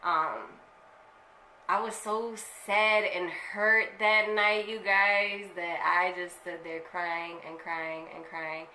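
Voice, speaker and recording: A young woman with a bright, forceful voice tells a personal story straight to her viewers. She talks candidly in slang and swears freely. The room is echoey and there is a faint hiss. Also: lowish voice, steady tone, slow. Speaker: vlogger. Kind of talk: casual storytelling to camera.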